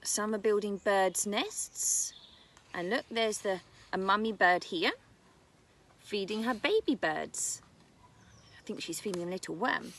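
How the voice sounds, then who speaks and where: A woman's voice: mid-range voice, expressive, unhurried, slight background noise. A British woman who teaches nursery, reading a picture book about birds to young children outdoors in a garden, using a sing-song storytime voice. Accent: British English.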